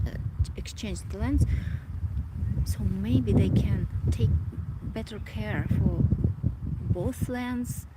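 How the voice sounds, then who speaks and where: A woman speaks slowly in a low voice, pausing and restarting as she hunts for the right words. She sounds emotional as she reflects aloud in a personal vlog. Heavy background noise runs under her voice the whole time. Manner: halting, searching for words, many restarts. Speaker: vlogger.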